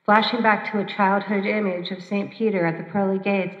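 A woman performing a personal story at an open mic, measured and reflective, with dramatic pauses. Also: medium pitch, little pitch movement. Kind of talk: spoken-word personal storytelling. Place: church hall. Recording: roomy, dull church hall recording.

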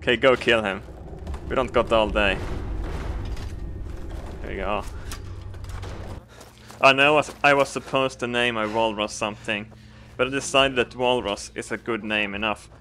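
A man giving crude, comedic game commentary, laughing and breaking into excited outbursts. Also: lowish voice, normal speed, pauses often, slight background noise. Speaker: gaming commentator.

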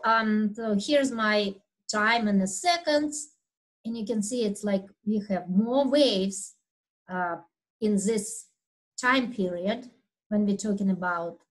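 Woman lecturer, slow deliberate delivery, naturally loud, medium pitch, walks students through slides. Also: low-quality recording. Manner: unhurried, explanatory, with fillers and throat clearing; talks loudly by habit. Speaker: anatomy instructor. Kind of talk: recorded video lecture.

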